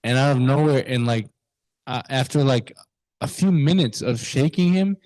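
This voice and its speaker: Animated young man telling a story. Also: medium pitch, normal speed, no echo, rough recording. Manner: animated, lots of fillers and restarts. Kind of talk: casual storytelling.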